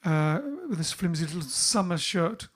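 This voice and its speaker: A man with a fairly high voice, a bandleader, hosts a casual livestream from home during lockdown. Speaking at normal speed, he chattily reads out viewers' greetings one by one.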